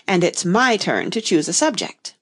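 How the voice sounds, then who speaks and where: A woman's voice: medium pitch, sing-song, normal speed. A woman voicing a pompous, argumentative egg-shaped man in a storybook reading. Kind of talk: audiobook reading.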